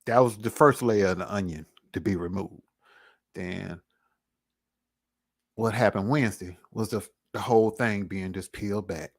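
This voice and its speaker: A man vlogging a personal testimony in an earnest, reflective storytelling manner, casual in speech and at times dropping to a near hush. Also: fairly low pitch, unhurried, long pauses.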